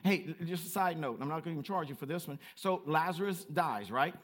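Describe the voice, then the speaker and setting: Animated and playful, a male pastor from the United States preaches a sermon and calls out to members of his congregation. His voice is a little high and brisk, with a Southern Black way of speaking.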